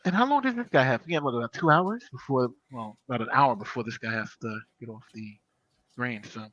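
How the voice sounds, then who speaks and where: Animated fast-talking man. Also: mid-range voice, highs cut off. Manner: animated, chatty. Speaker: livestream co-host. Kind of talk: casual live commentary.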